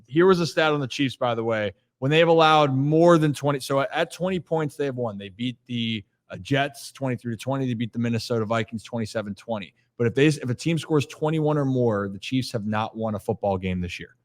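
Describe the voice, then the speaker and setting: A man's voice: medium pitch, fairly quick, few pauses. A man hosting a sports podcast, a former baseball player, chatting and running through stats with many fillers. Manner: conversational, quotes stats, fillers. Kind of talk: casual sports talk.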